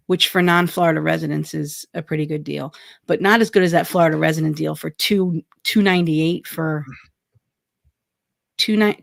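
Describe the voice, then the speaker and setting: Chatty woman with a gravelly edge. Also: sits low, no room sound, studio quality. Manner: chatty, self-correcting, laughs often. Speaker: podcast co-host. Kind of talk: casual chat.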